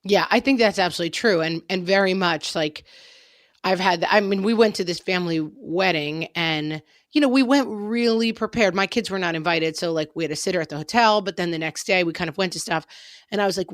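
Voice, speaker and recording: A woman's voice: fairly low pitch, fairly quick, no room sound, studio quality. A woman co-hosting a parenting podcast, chatting casually with wry, self-deprecating humor. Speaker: podcast co-host.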